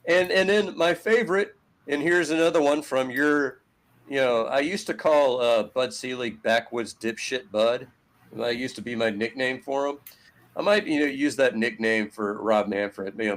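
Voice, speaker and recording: A man co-hosting a sports podcast, ranting in a profane, sarcastic way with loud jumps in pitch. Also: fairly even intonation, measured pace. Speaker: podcast co-host. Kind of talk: heated sports talk.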